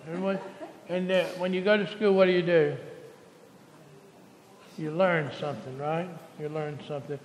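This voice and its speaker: A man's voice: on the high side, fairly even intonation, normal speed, long pauses, a little hiss or hum. A man leading a children's sermon as pastor, with a playful, coaxing way of talking to the kids. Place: large church sanctuary. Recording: echoey church hall, mic at a distance.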